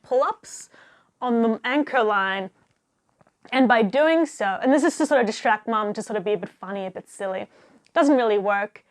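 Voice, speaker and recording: Young aussie woman telling a dive story, kinda high voice, animated, laughs a lot. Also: smooth. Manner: animated, laughs often, acts out quotes. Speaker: diver telling stories. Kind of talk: casual storytelling.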